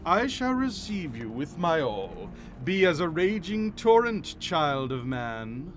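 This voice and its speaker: A man's voice: fairly high pitch, sing-song, slow pace. A man reading aloud the lines of a solemn ancient male god in archaic, declaiming speech.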